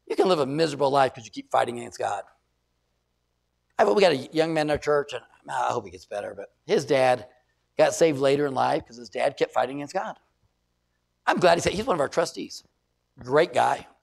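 A middle-aged man preaching a sermon, emphatic and given to shouting, acting out what people say. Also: on the high side, creaky. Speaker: pastor.

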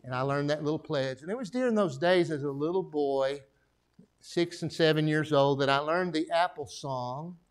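This sermon comes from a middle-aged Texan with a Texan accent who weaves in his own testimony folksily and invites amens from the congregation. He speaks at a moderate pace in a fairly high voice.

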